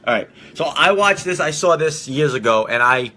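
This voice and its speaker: Blunt, profane young man with a bright voice. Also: on the high side, expressive, moderate pace. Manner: blunt and profane, laughs at his own jokes. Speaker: podcast host. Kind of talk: casual solo podcast rant.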